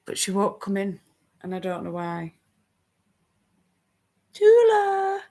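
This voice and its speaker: A woman's voice: on the low side, little pitch movement, moderate pace. A woman hosting a casual crafting live stream, chatting with viewers and laughing often.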